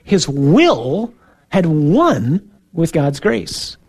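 A male priest giving a sermon in an earnest, conversational way, with soft asides. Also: on the high side, big pitch swings, drawn-out words, breathy edge.

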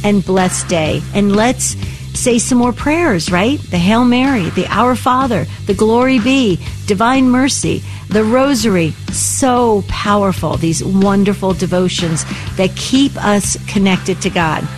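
Female talk radio host, upbeat and encouraging, quick delivery, soft music bed. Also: medium pitch. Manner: warm, encouraging, quick-talking.

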